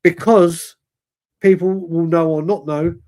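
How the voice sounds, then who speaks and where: A man in his forties telling a rambling, animated story in casual chat on a fan show. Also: fairly high pitch, takes it slowly. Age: 40s. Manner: rambling, animated, self-correcting.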